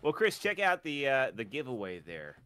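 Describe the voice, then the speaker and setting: A man co-hosting a gaming podcast, firing off quick, crude wisecracks that trail off into fillers. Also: medium pitch, huge pitch swings, sharp tone, smooth. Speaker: podcast co-host. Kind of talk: casual crude banter.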